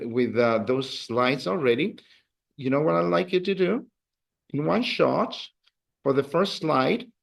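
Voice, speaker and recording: This Spanish teacher has a medium-pitched voice with vocal fry. Teaching a beginner class, he explains rules and energetically drills students with counts and praise.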